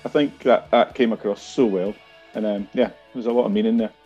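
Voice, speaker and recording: A man's voice: on the low side, steady tone, brisk, mellow, husky, soft background music. A man appearing as a podcast guest, speaking in a reflective, appreciative way. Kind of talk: casual chat. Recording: dull lo-fi sound.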